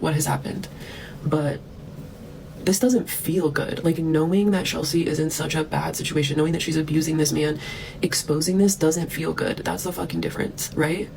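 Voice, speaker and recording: A woman's voice: low voice, gravelly, a little mellow, a little hiss or hum, low-quality recording. A woman vlogger delivering a heated, profane rant to camera, breaking into scornful laughs. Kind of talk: ranting monologue to camera.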